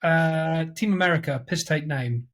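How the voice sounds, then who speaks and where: A man in a casual movie podcast chat, with halting starts and quick asides. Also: fairly high pitch. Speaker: podcast co-host.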